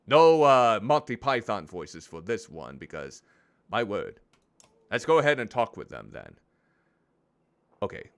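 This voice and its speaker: A man streaming a game, chatting in an expressive, self-deprecating way. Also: lowish voice. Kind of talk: gameplay commentary.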